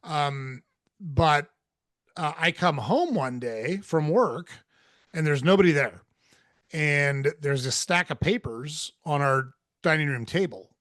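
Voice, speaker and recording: A man's voice: a little high, slow, no echo, clean studio sound. Candid, swearing man telling a story. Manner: candid, swears freely, animated when quoting. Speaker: podcast host. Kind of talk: casual storytelling conversation.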